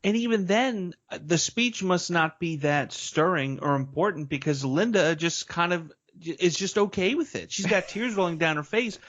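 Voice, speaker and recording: A man's voice: high-pitched, normal speed, a bit bright, highs cut off. A man appearing as a guest on a film podcast, chatty and opinionated, talking in a loose, slangy way. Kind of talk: casual film-review chat.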